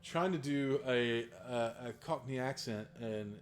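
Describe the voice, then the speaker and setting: A man's voice: mid-range voice, unhurried, a little hiss or hum. A man from Southern West Virginia with a faded accent from there, a dungeon master answering questions in casual talk, rambling with many fillers and restarts.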